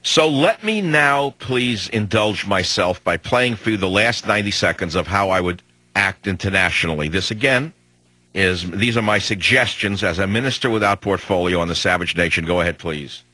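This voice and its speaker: A man's voice: sits low, animated, normal speed, pushed and bright, no echo, low-quality recording. A combative talk radio host, a man in his sixties, delivering an emphatic, hectoring monologue on a studio microphone.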